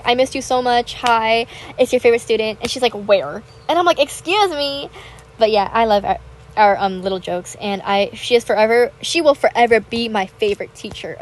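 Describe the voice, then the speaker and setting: A woman's voice: a little high, slight background noise, poor audio. A teenage girl chatting casually and bubbly about her school week while playing a game, retelling moments dramatically. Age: teens. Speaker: gaming vlogger. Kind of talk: casual chat over gameplay.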